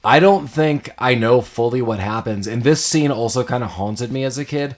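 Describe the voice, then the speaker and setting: A man hosting a casual podcast discussion of a film, animated and quick to laugh, often acting out lines from scenes. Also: mid-range voice. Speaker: podcast host.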